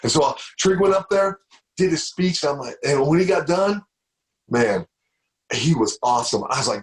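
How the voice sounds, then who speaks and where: A middle-aged man delivers a motivational stage speech in a fairly high voice. He tells personal stories and drives points home by repeating phrases. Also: animated, moderate pace. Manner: storytelling, repeats phrases for emphasis. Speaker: motivational speaker.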